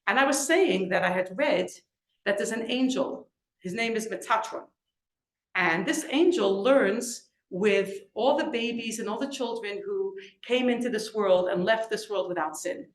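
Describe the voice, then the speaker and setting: A middle-aged woman, an author and lecturer, giving an inspirational storytelling talk, acting out quoted voices with big leaps in pitch. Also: a little slow, reverberant. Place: lecture event in a room.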